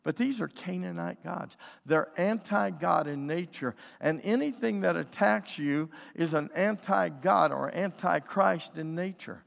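A man's voice: high voice, a little slow, gravelly, few pauses. A middle-aged male pastor preaching a sermon with emphatic storytelling. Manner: emphatic preaching storyteller, acting out quoted voices. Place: church sanctuary. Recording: long reverb of a church hall.

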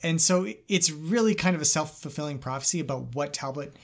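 A man's voice: fairly high pitch, fairly quick. A man co-hosting a podcast, talking analytically with many hesitations and uhs. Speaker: podcast co-host. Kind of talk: casual literary discussion.

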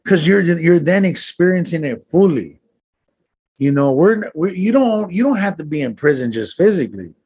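Husky-voiced man telling earnest stories. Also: on the high side, animated, normal speed, darkish tone. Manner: earnest storytelling with street slang and swearing. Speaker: guest. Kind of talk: casual conversation.

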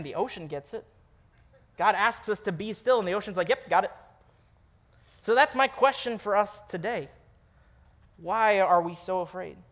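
A young man preaching a sermon, animated and self-deprecating as he tells stories. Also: high voice. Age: young adult. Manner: animated storytelling, laughs at himself.

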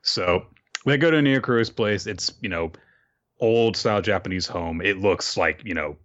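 A man's voice: sits low, normal speed, fairly bright tone, dull audio. A man hosting a podcast, chatting through a recap of an anime episode and laughing as he retells the scenes. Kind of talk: casual recap.

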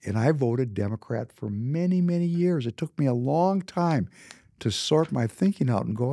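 Emphatic husky man in his fifties. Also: mid-range voice, expressive, normal speed, mellow, no room sound. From Minnesota, United States. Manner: emphatic, repeats words for emphasis. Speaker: businessman. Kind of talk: casual storytelling monologue.

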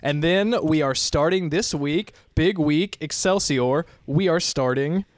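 A man's voice: a little high, a little slow, no echo, studio quality. A man co-hosting a casual podcast, playful and joking, laughing often. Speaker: podcast co-host.

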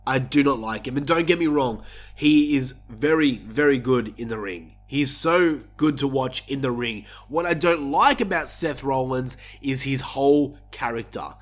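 A man's voice: medium pitch, normal speed. A man hosting his own wrestling show, giving casual predictions in an opinionated, worked-up rant while sick with a cough. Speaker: wrestling podcast host.

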